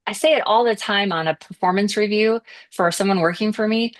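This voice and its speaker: A woman's voice: medium pitch, a little fast. Storytelling woman chiropractor guest. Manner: storytelling, acts out little dialogues. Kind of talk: conversational interview.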